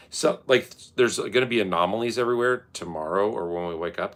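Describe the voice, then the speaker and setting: A man talking to camera late at night in his art studio, rambling and swearing, often jumping into high mocking voices. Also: brisk, few pauses. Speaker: vlogger.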